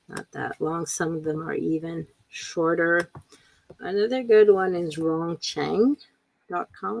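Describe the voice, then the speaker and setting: Slow, gravelly-voiced woman teaching a webinar. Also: fairly low pitch, no echo, poor audio. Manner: relaxed, repeats words often, reads chat questions aloud. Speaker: ESL teacher trainer. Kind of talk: live webinar talk. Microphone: computer mic on a video call.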